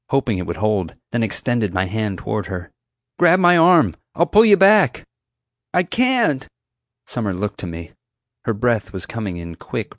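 Low-voiced man narrating a storybook. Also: no echo, clean studio sound. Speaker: audiobook narrator. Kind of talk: first-person storybook narration.

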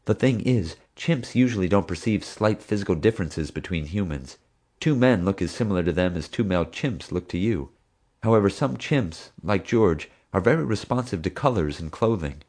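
A calm, patient father explaining in a hushed voice, as a male reader puts him on. He speaks lower and quieter than the narration.

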